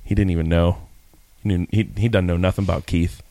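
A man's voice: sits low, fairly even intonation, a little fast, mellow. A man hosting a casual podcast chat, rambling and laughing often. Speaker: podcast host.

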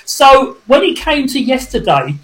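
High-voiced English golf pundit. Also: male voice, sing-song, a little slow, a bit bright, poor audio. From England. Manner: articulate, dry humour, fluent storytelling. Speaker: golf journalist guest. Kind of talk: phone-in interview.

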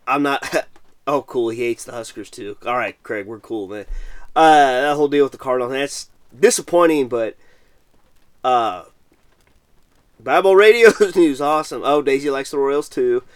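A man's voice: medium pitch, normal speed, dry recording. Chatty middle-aged man. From Missouri, USA. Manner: chatty, reads viewer comments aloud. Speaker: podcast host. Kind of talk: casual late-night livestream chat.

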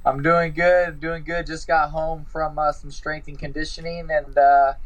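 Man, call-in guest, easygoing, lots of um and uh, fairly high voice. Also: level tone, unhurried, poor audio. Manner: easygoing, hesitant with fillers. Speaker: call-in guest, MMA fighter. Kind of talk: casual chat.

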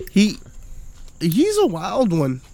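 A middle-aged man with a rather high voice rambles through stories in a loose, drunken podcast chat. His talk is full of swearing, and he keeps circling back to the point. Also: darkish tone. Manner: profane, rambling storytelling. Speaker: podcast host.

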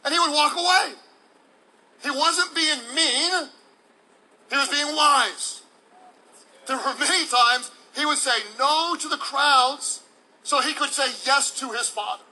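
A man preaches a sermon in a voice pitched unusually high for a man. His tone is bright and forceful. He delivers it emphatically, with playful demonstrations for the congregation. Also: poor audio. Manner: emphatic, playful preacher who acts out examples. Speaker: pastor.

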